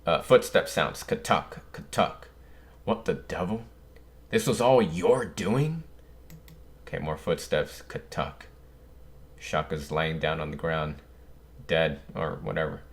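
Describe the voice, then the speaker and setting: A young man hosting a manga reaction, muttering through the pages and breaking into loud, surprised exclamations. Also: rumbling low, a little slow. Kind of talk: reading aloud and reacting.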